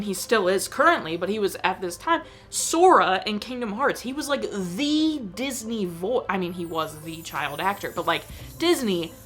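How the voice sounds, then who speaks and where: A young woman hosting a film review channel, chatting casually and excitedly, with lots of fillers. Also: fairly low pitch. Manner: animated, gushing, filler-heavy with frequent "like". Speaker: host reviewing films. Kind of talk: casual chat.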